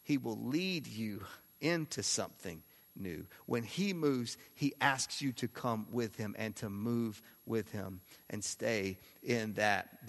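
Male pastor, mid-pitched, earnest, repeats lines for weight; long hall reverb. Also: fairly bright tone. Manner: earnest, repeats phrases for emphasis. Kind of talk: sermon.

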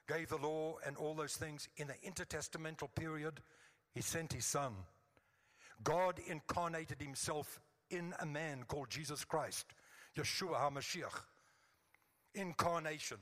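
A man's voice: a little high, a bit bright. Fervent male pastor preaching in a reverberant church. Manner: fervent preaching with call-and-response "Amen?". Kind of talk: sermon. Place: church sanctuary.

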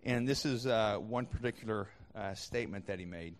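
A man's voice: on the low side, moderate pace, long reverb tail. A man preaching a sermon as a pastor, conversational, with frequent restarts and fillers.

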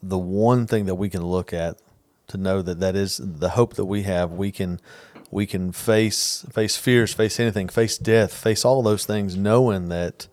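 A man's voice: low voice, steady tone, measured pace, hardly any pauses, darkish tone, dry recording. A church staff member on a podcast in an office studio, speaking sincerely and now and then losing his train of thought. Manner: sincere, loses his thread. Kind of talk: casual church podcast chat.

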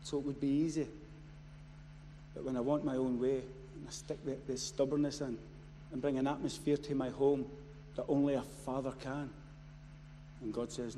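Impassioned preacher in echoing hall. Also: male voice, mid-range voice, little pitch movement, moderate pace. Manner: builds from quiet storytelling to loud impassioned shouting. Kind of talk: sermon. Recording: long hall reverb, faint noise.

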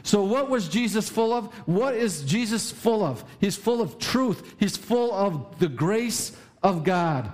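Emphatic preacher, repeats lines, pitch swings. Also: male voice, animated, slow, hardly any pauses, darkish tone. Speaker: pastor. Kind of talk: sermon.

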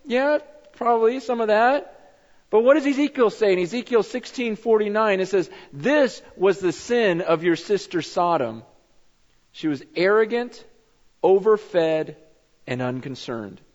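Man preacher, high voice, chatty then emphatic sermon, muffled hall echo. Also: expressive, unhurried. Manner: conversational storytelling, repeats words, rises to emphatic. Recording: dull sound with long reverb in a hall.

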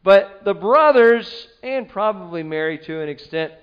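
A man preaching a sermon, telling the story with animated delivery and acting out the quoted voices. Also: high voice, unhurried, few pauses, smooth, lo-fi sound. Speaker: pastor.

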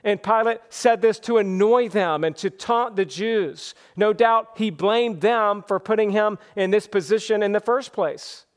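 A man with a higher-than-usual voice preaches a sermon. His tone is clear and resonant. He is earnest and deliberate, slowing down to lean on each point. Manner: earnest preaching, slows for scripture and emphasis. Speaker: pastor.

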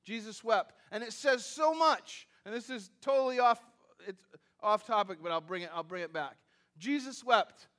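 Speaking at a normal speed in a high, slightly bright voice, a male pastor delivers his sermon conversationally. He drops in asides and self-deprecating humor, frequently repeating phrases and starting over as his points take shape.

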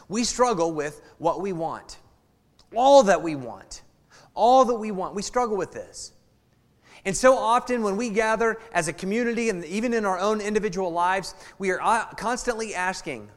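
A male pastor delivers an emphatic sermon in a fairly high voice. He hammers phrases again and again and throws rhetorical questions at the room. His words carry a long echo from the church around him.

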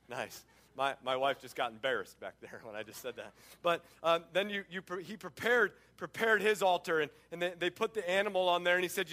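Lively, bright-voiced man preaching. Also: sits high, a little fast. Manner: animated storytelling with sports asides. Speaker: pastor. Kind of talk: sermon.

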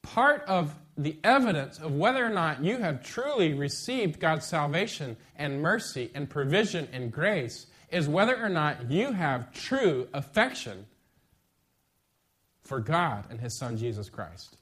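A middle-aged man preaching a sermon as pastor, lively and conversational, with sudden bursts of emphasis. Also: on the high side, unhurried.

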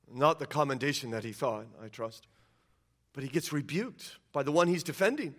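Bright-voiced preacher with emphatic storytelling. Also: male voice, fairly high pitch, moderate pace. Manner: emphatic, animated retelling that acts out quotes. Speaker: pastor. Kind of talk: sermon.

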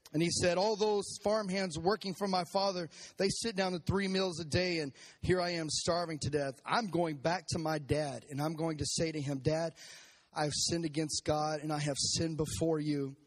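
A man with a notably high voice preaches a sermon, retelling a story with lively energy. He keeps turning to the congregation and prompting them to repeat key phrases back to him. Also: normal speed. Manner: animated, prompts the audience to repeat lines. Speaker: pastor. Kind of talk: sermon with congregation call-and-response. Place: church service.

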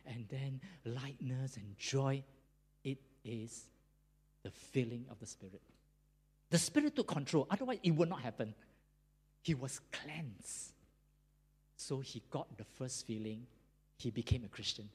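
A preacher delivering a sermon as a story, rising and falling in pitch with lively swings. The voice has a slightly husky, breathy edge. Pauses for effect and chuckles along the way. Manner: animated, dramatic pauses, chuckles while telling a story.

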